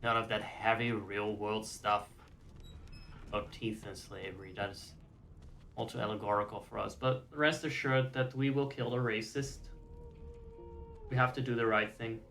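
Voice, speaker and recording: A man streaming a video game, chatting casually in a rambling, joking way, with swearing, often trailing off softly. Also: on the low side, fairly even intonation, normal speed, pauses often, soft background music. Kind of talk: casual gameplay commentary.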